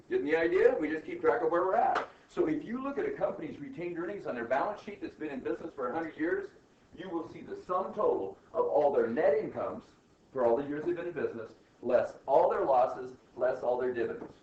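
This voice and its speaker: A man's voice: on the high side, animated, a little fast, darkish tone, slight background noise. A middle-aged man teaching accounting in a classroom, emphatic and often checking in with "right?" and "okay?". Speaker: accounting instructor. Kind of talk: classroom lecture. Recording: muffled, roomy classroom recording from far off.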